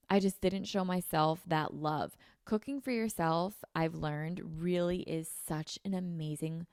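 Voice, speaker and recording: A woman's voice: lowish voice, vocal fry, smooth, no room sound, studio quality. A young woman hosting a solo podcast, talking casually and upbeat with lots of fillers. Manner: chatty, filler-heavy, upbeat self-help talk. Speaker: podcast host. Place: her apartment.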